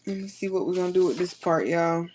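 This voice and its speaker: A woman's voice: lowish voice, fast, a little mellow, slight background noise. A woman, chatting casually to her viewers as she works through a sewing tutorial. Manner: chatty, talks to viewers while working. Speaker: sewing vlogger.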